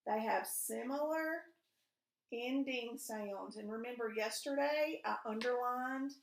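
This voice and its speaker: A woman teacher, patiently walking young pupils through a reading lesson and asking them guiding questions. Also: fairly high pitch. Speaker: elementary school teacher. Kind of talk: recorded remote reading lesson. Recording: echoey room.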